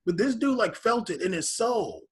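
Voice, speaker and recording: Man, podcast co-host, slightly high husky voice, loose rambling casual delivery. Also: big pitch swings, moderate pace. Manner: rambling, full of fillers and restarts.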